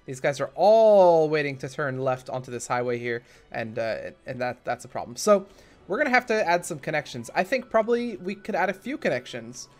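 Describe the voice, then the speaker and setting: A man's voice: a little high, big pitch swings, fairly quick. A young man hosting a casual let's play, talking in a chatty, rambling way and often correcting himself. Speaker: gaming channel host.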